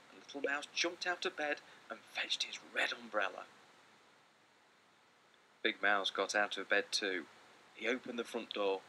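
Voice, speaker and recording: A man reading a children's picture book aloud with lots of expression, often dropping into hushed whispers. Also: mid-range voice, normal speed, a little hiss or hum, rough recording. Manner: theatrical, slipping into hushed whispers. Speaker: storyteller.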